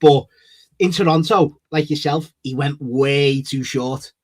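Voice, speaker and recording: A man's voice: a little high, unhurried, darkish tone. Laid-back man, co-host. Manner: laid-back, chatty storytelling. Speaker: podcast co-host. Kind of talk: casual chat.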